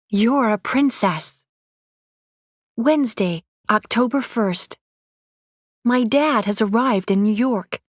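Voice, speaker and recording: Clear, steady woman reading a story. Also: mid-range voice, dry recording, studio quality. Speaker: audiobook reader. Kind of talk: graded-reader story narration.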